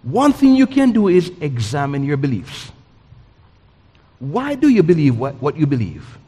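A middle-aged man from Jamaica, preaching a sermon with lively, story-driven delivery. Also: fairly high pitch, a little slow, husky, long reverb tail. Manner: animated storytelling, acts out voices and sounds.

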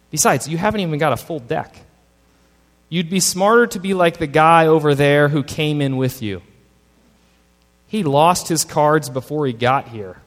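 A man voicing God in a sermon story, speaking softly and calmly while warning a gambler off. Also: fairly high pitch, close to an everyday voice. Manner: soft, calm, gently warning. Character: patient, weary male God at a card table. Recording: long hall reverb.

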